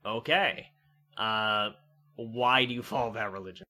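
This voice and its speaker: A man running a tabletop game as game master, chatting casually and briskly moving things along. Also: fairly low pitch, bright, forceful tone.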